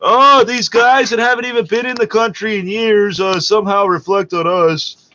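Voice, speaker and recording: A Canadian podcast host lets loose an angry, sarcastic rant at a local radio broadcast, swearing nonstop and mocking what he hears. His voice sits high and sharp with a steady tone at a moderate pace. The recording is dull and lo-fi, with slight background noise.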